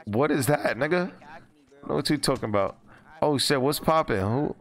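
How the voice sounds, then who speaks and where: A young man streaming outdoors on a city street with a headset, loud and laughing, teasing people in heavy slang. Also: medium pitch, normal speed. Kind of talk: street livestream banter.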